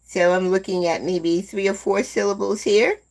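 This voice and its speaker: A woman in her seventies hosting a live stream, chatting slowly and gently with viewers and calling them "my dear love.". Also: mid-range voice, steady tone. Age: 70s. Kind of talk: casual chat with live viewers.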